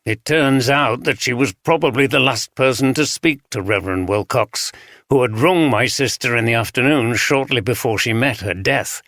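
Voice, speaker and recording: A man voicing a calm, direct chief inspector with a Northern English accent. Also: medium pitch, moderate pace, no echo, studio quality, natural voice. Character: steady, unintimidated northern male chief inspector.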